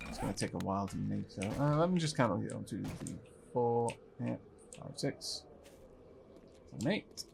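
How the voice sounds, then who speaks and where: A man's voice: lowish voice, animated, moderate pace, creaky, a little mellow. A gamer talks his way through a co-op survival session, musing about building plans and trading easy banter with his partner. He giggles often and apologises readily, and a light background hiss sits under the voice. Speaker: gaming channel host. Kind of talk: co-op gameplay commentary.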